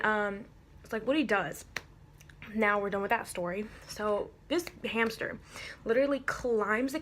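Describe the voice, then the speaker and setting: A woman's voice: mid-range voice, fairly bright tone. A teenage girl telling a storytime vlog in a chatty, giggly way, full of fillers. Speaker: vlogger.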